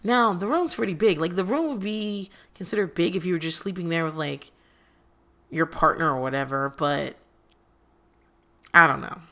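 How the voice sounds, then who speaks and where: A woman's voice: on the low side, moderate pace, long pauses, pushed and bright. A woman recapping a reality dating show in casual commentary, sarcastic and profane, with exasperated asides.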